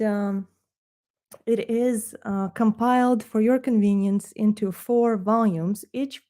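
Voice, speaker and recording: A woman's voice: medium pitch, warm tone. A woman hosting a casual live art stream, chatty and joking with rambling asides, a little out of breath. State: a bit out of breath. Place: Texas.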